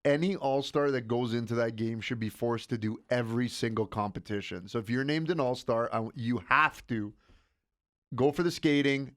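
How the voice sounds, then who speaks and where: A man's voice: medium pitch, normal speed, fairly bright tone. A man co-hosting a sports podcast, pushing his opinions emphatically in casual banter. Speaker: podcast co-host.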